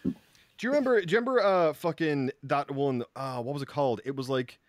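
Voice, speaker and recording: A man's voice: on the high side, fairly quick, dry recording. A man telling rambling stories in casual podcast chat, swearing often and acting out the people he quotes. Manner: rambling storyteller, swears a lot, acts out quotes. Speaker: podcast co-host.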